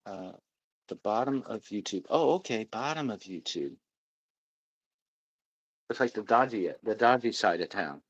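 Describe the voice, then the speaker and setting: A man's voice: fairly low pitch, animated, measured pace, pauses often, slightly rough, dry recording, muffled recording. A middle-aged man hosting a casual livestream, rambling and reading out viewer comments. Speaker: livestream host.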